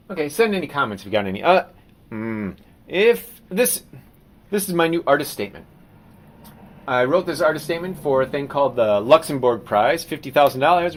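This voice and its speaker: A man's voice: a little high, a little hiss or hum. Theatrical ranting man on a live stream. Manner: theatrical, ranting, self-mocking. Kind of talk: rambling live-stream monologue.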